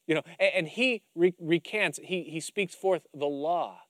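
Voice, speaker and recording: A male pastor preaching with animated storytelling, acting out scenes as he goes. His voice sits fairly high. The sound is dry and close, with no room around it. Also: a little slow, hardly any pauses, no echo. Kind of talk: sermon.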